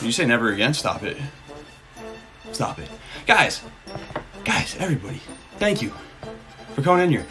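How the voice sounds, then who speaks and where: Dude streamer all hyped up, kinda out of breath, swears a lot, bright voice, some music in the background. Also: male voice, mid-range voice, very animated, normal speed, pauses often. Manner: hyped, shouty greetings, swears casually. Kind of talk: live stream chat, thanking viewers.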